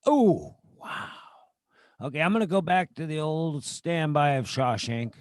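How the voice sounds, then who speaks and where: A man co-hosting a casual chat over a video call. He guesses movie quotes, chatty and quick to laugh. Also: fairly high pitch, animated, no echo, studio quality. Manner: chatty, laughs between lines. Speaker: co-host.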